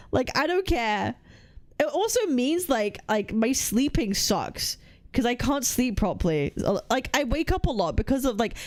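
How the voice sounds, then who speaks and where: A woman's voice: mid-range voice, a little mellow. A woman streamer chatting casually close to the mic, with a blocked-nose sound, rambling, swearing and laughing as she reads chat aloud. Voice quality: blocked-nose sound with little nasal resonance. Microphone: very close to the microphone.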